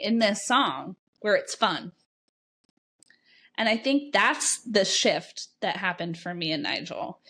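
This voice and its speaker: A woman's voice: mid-range voice, fairly bright tone. Frank, swearing woman coach. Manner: frank and informal, swears freely, many "like" and "right?" asides. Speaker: life coach, podcast host. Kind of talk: candid solo podcast monologue.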